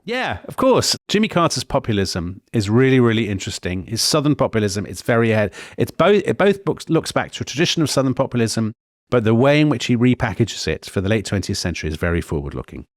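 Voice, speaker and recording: A man co-hosting a history podcast, telling the story in a lively, digressive way with frequent self-corrections. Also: medium pitch, fast talker, no echo, studio quality. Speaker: podcast co-host.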